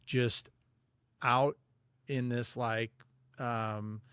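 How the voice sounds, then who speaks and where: A man's voice: mid-range voice, fairly even intonation, drawn-out words, fairly bright tone, clear, resonant tone, no echo. A man guest on a podcast telling a personal faith story in a loose, conversational way, full of "you know" and "like". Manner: religious, speaks of God and prayer. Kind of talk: storytelling in a casual interview.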